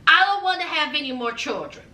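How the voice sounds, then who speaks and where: A woman voicing a stubborn older man who flatly refuses to have more children, talking firmly and repeating himself. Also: high voice, a little fast, heavily acted. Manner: flat, firm, repeating "okay". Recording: echoey room, distant mic.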